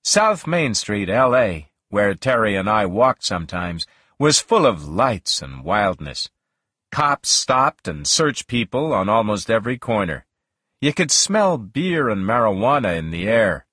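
A man reading a first-person novel aloud in a slow, measured, expressive way. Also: lowish voice, husky, dry recording, clean studio sound. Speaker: audiobook narrator.

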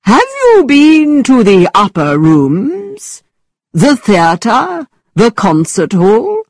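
A woman voicing a witty young gentleman who speaks in a mock-formal, teasing manner, in a storybook reading. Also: a little high, huge pitch swings, very slow, husky, dry recording, voice pushed up, full character voice. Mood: playful, theatrical.

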